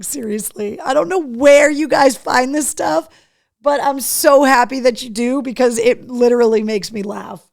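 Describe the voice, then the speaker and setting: A woman hosting a casual live show, chatty and excitable, talking to her dog between opening gifts from fans. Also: high voice, normal speed, creaky, no room sound, studio quality. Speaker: host.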